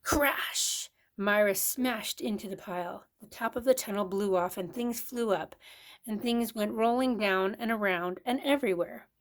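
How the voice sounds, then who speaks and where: An older woman, a grandmother, reading a children's picture book aloud with expressive storytelling. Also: mid-range voice, unhurried. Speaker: storybook reader.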